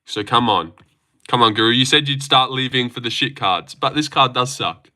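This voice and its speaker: A man's voice: mid-range voice, moderate pace, sharp tone. A man hosting a casual livestream, chatting with viewers in a rambling, sarcastic way and swearing freely. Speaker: livestream host. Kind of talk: casual livestream chat reading viewer comments.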